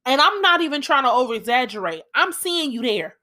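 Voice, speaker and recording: A woman's voice: sits high, very animated, fairly quick, bright, forceful tone. A young woman hosting a solo podcast, ranting emphatically with lots of swearing and heated outbursts. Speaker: podcast host.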